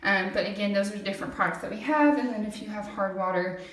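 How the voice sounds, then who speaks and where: A woman's voice: medium pitch, fast talker. Chatty woman in an echoey bathroom. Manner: chatty, explains while scrubbing. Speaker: product demonstrator. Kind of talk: casual how-to demonstration. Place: home bathroom, at the shower. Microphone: camera set back from the speaker. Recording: echoey tiled bathroom from a distance.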